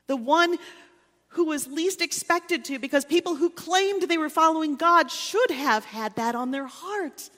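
A woman pastor preaching a sermon in a church, emphatic, with dramatic swells and quiet drops. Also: sits high, in a large hall. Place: church sanctuary.

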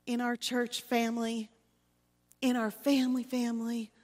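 A woman pastor preaching a sermon in a church, emphatic, with dramatic swells and quiet drops. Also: fairly high pitch, flat delivery, normal speed, big-room sound. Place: church sanctuary.

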